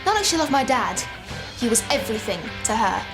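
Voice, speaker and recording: An actress playing a sharp-tongued young stepdaughter in a TV drama, taunting and cutting. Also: female voice, on the high side, sing-song, brisk. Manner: taunting and cutting, then frantic and remorseful. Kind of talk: television soap drama acting. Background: loud music.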